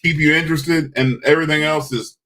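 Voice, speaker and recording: A man co-hosting a live podcast chats casually, his voice fairly high, steady, a little fast, pushed and bright. He rambles with hesitant restarts and turns defensive when teased.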